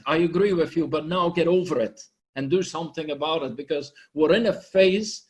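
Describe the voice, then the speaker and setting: A man giving an impassioned, blunt motivational pitch to an online group, swearing freely and sounding emotional. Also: brisk, few pauses. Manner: intense, blunt, swearing, preachy. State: emotional, sniffling. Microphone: online conference microphone.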